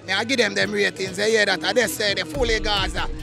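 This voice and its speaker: Gravelly Jamaican man, half-singing. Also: high-pitched, fairly even intonation, fast talker, over music. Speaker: interviewee. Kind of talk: street vox pop answer.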